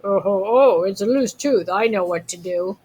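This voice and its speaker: A woman's voice: mid-range voice, moderate pace, mellow, slight background noise, natural voice, low-quality recording. A woman reading as a cocky storybook dentist. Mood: knowing.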